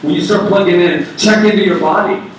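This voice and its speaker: A man's voice: high voice, a little fast, far from the mic, slight background noise. A man preaching in a very echoey hall. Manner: animated, conversational preaching with playful asides. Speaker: minister. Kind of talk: sermon. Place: church sanctuary.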